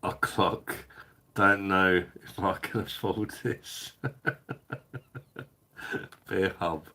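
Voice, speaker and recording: A man's voice: low-pitched, fairly even intonation, drawn-out words, bright, forceful tone. A man hosting a live beer-review stream, chatting casually and swearing as he reads viewers' messages. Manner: sweary, rambling, reads out chat.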